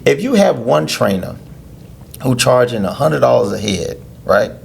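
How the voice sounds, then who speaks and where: A man, a youth lacrosse coach, explaining things in a casual interview with drawn-out hesitations. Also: medium pitch, very animated, creaky, slight background noise. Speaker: head coach of a youth lacrosse team, podcast guest.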